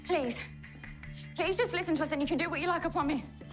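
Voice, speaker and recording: A woman's voice: sits high, fast, over music, natural voice. An actress playing a woman who pleads politely but urgently.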